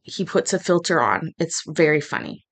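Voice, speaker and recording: Animated, laughing woman host. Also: sits low, normal speed. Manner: laughing, animated, swears freely. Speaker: host reacting to court clips. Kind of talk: casual reaction commentary.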